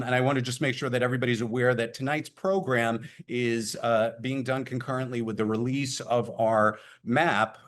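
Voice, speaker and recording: Halting man presenting a webinar. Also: mid-range voice. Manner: many filler words, halting. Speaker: program presenter for a preservation group. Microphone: computer mic on a video call.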